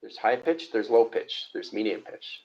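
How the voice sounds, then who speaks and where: A man's voice: lowish voice, lively intonation, normal speed, darkish tone. A man teaching in a live question-and-answer stream, lecturing in repetitive lists. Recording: dull lo-fi stream audio.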